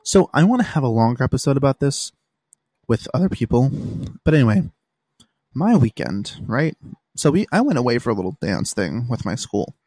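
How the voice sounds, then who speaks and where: A man's voice: mid-range voice, sing-song, moderate pace, darkish tone, slightly rough, no echo. A young man hosting a casual solo podcast, telling stories in an exasperated way and swearing freely, recorded in a room at home. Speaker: podcast host.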